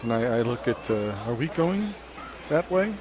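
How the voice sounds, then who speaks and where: A man's voice: medium pitch, sing-song, moderate pace, over music. A man playing in a tabletop game, asking questions in a hesitant, stammering way. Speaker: player.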